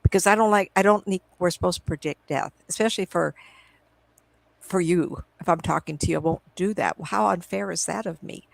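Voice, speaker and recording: Gravelly middle-aged woman telling stories. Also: fairly low pitch, fairly quick, dry recording, rough recording. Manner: rambling, acts out remembered conversations. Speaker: psychic medium guest. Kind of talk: casual interview storytelling. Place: at home on a video call. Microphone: computer microphone.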